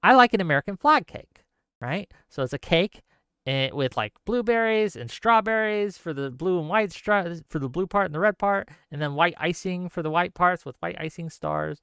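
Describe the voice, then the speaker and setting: A man's voice: high-pitched, animated, normal speed, fairly bright tone, clear, resonant tone, dry recording, clean studio sound. A man hosting a live stream, ranting casually and sarcastically while reading out viewer comments.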